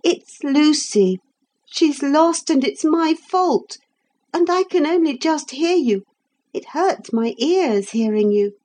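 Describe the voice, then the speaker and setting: A woman's voice: high voice, very animated, takes it slowly, few pauses, mellow, pitched above the performer's own voice, heavily acted. A woman voicing a bewildered young boy who asks upset, pleading questions. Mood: anxious.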